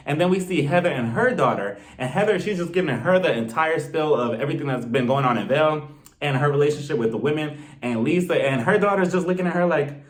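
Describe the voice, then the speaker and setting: A man's voice: on the high side, animated, fast. A man reviewing a reality TV episode in a sassy, joking recap. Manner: sassy, laughs at his own jokes. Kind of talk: comedic recap vlog.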